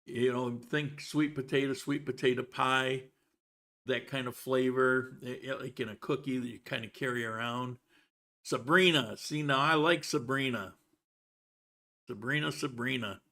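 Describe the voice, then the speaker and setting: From his home in Colombia, a man hosts a laid-back livestream chat at a measured pace. His middle-pitched voice drifts from thought to thought, often restarting sentences, and he sometimes talks while eating.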